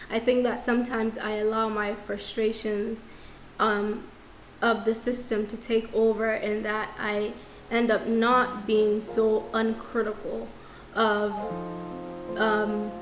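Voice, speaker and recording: Frank reflective woman vlogging in an echoey room. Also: a little high. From Nigerian diaspora. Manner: thoughtful, frank, self-questioning with many restarts. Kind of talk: reflective casual vlog monologue. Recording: echoey room with faint music.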